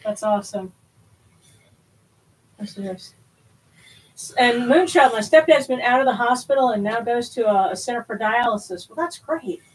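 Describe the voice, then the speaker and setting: Husky, breathless woman hosting a livestream. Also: on the high side, normal speed, long pauses. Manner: rambling, with many fillers and restarts. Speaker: host of a spiritual livestream. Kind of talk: casual livestream chat.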